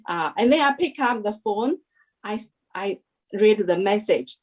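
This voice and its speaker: Woman interview guest, plain mid voice, slow halting testimony. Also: medium pitch, animated, a little mellow. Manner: halting, unhurried storytelling. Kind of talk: personal testimony. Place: lives in New Zealand.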